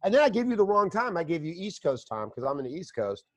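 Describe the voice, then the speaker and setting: A man's voice: high-pitched, big pitch swings, quick pace, dry recording. A man hosting a podcast, rambling through profane stories in casual chat on a close mic. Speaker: podcast host.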